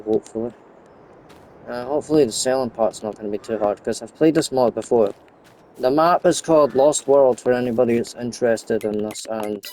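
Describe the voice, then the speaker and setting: Playing a farming game, a young male YouTuber chats in a loose, rambling way and keeps wandering into side stories. His medium-pitched voice is mellow and relaxed, with a faint hiss of noise beneath the recording.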